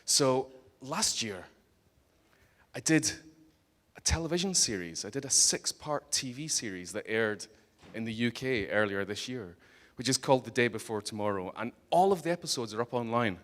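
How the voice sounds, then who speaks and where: A man's voice: medium pitch, lively intonation, normal speed, a bit bright. Scottish guy doing a jokey keynote, teasing the audience, bit blunt. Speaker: conference speaker. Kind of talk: humorous conference talk. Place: conference hall stage.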